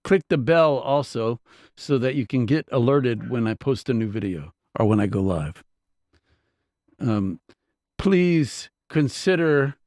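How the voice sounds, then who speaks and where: Animated man teaching scripture. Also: mid-range voice, dry recording, clean studio sound. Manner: conversational, keeps checking listeners follow. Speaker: Bible teacher. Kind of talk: casual Bible teaching.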